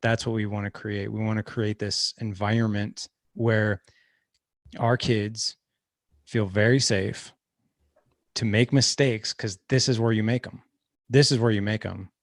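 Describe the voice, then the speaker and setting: Casting: middle-aged man, low gravelly voice, earnest storyteller, dry close sound. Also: steady tone, measured pace, no echo. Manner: earnest storyteller, many restarts. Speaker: guest. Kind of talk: casual storytelling.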